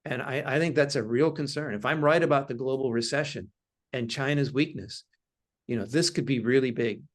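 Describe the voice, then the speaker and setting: A man's voice: mid-range voice, brisk. A man speaking as a guest in an interview about markets, analytical and cautious in how he talks. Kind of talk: interview conversation.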